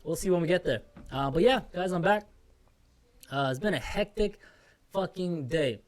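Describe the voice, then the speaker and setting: A man's voice: sits high, expressive, moderate pace. Rambling, profane young male podcaster. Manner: rambling, profane, self-mocking. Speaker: podcast host. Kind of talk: casual solo rant. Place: office room. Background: music playing softly.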